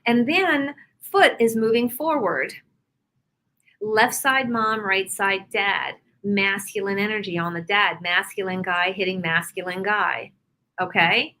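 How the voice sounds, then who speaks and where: Woman healer chatting on a show, bright voice, tells client stories with lots of energy. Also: medium pitch, slow, low-quality recording. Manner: animated storyteller, explains with examples. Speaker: guest, emotional healer. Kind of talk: casual interview talk.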